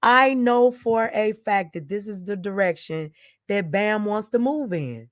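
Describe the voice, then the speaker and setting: Middle-aged woman host, slow and emphatic, repeating her vows, close and dry sound. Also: mid-range voice, lively intonation, no room sound. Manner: emphatic, repetitive, vowing and declaring. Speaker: channel host. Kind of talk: emotional direct-to-camera monologue.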